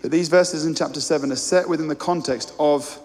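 A man's voice: on the high side, fairly even intonation, a little fast, darkish tone. A man preaching a sermon, earnest and direct, speaking straight to his listeners. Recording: long hall reverb.

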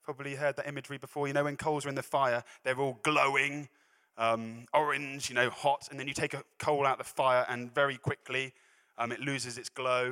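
A man's voice: mid-range voice, flat delivery, brisk, pushed and bright. A man preaching a sermon, chatty and self-deprecating, breaking off into laughing asides. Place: church hall. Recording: echoey hall reverb.

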